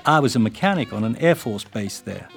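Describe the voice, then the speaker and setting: An older English man voicing a young American airman from the South, with a deliberately English-tinged Southern accent, blunt and drawling. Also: on the low side, animated, creaky, soft background music. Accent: put-on American Southern, English-tinged.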